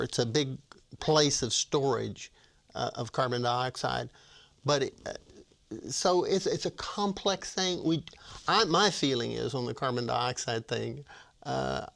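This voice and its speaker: A man's voice: medium pitch, vocal fry, a bit bright. An older man, a retired professor, talking about his book as a guest in an interview, with frequent restarts and fillers. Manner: hesitant, many restarts and fillers. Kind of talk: casual interview talk.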